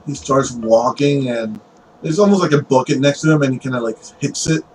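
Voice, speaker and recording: A man's voice: mid-range voice, a little fast, a little mellow, slight background noise, low-quality recording. A man narrating as game master of a tabletop game, rambling with frequent fillers.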